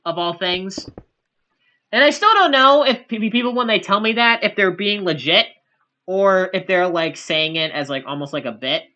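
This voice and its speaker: A woman's voice: on the low side, bright, forceful tone, muffled recording. A woman live-streaming, chatting casually with her chat in a rambling, giggly, self-deprecating way.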